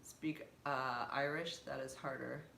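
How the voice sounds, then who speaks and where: A woman's voice: extremely low pitch, steady tone, takes it slowly, creaky, fairly bright tone. A woman co-hosting a casual live stream, chatting and laughing often. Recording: echoey room with faint background noise.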